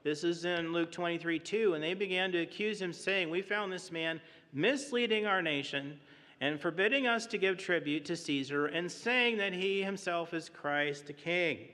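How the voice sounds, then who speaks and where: A man teaching a Bible class in a church, measured and explanatory, often asking rhetorical questions. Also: sits high, bright, forceful tone. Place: church auditorium. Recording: long hall reverb.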